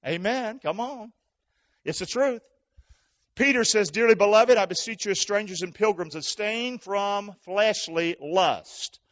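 A male pastor preaching a sermon to his church, calling for responses and swinging between shouting and hushed talk. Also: high voice, a little slow, dull audio.

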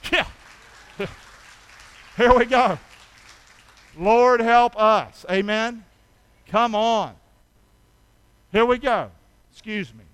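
High, bright-voiced preacher, slow and dramatic. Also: male voice, clean tone, dry recording. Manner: animated preaching, calling on the congregation to respond; swings from hushed and intimate to loud and shouting. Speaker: pastor. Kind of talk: sermon. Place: church.

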